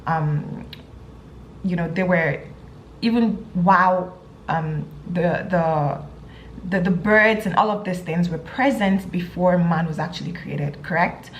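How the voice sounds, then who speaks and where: Casting: woman bible teacher, lowish voice, halting delivery full of fillers, roomy echo. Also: slight background noise. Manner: hesitant, many fillers and restarts. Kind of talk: reading scripture and teaching.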